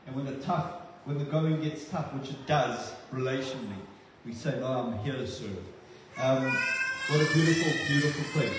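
A man's voice: on the high side, very noisy. A man preaching a sermon as a pastor, earnest and repeating words for emphasis. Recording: echoey hall, distant mic.

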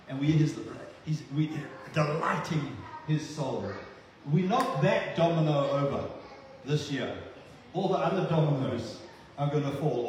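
A man's voice: fairly high pitch, a little mellow, a little hiss or hum. A man preaching a sermon as a pastor, earnest and repeating words for emphasis. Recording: echoey hall, distant mic.

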